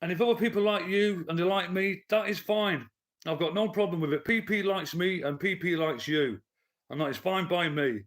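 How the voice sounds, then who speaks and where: Blunt male streamer, slightly high voice, swearing and ranting at chat from his lounge. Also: moderate pace, fairly bright tone. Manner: blunt, profane, heated. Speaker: livestreamer and commentator. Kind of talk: live stream rant to chat. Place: his living room at home.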